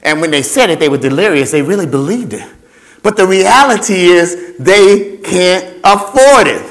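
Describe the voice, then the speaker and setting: A man giving an animated motivational talk to students about finding scholarships, playful and repetitive, acting out voices and sounds. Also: high voice, moderate pace. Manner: playful, repeats phrases, acts out voices and sounds. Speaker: scholarship workshop speaker.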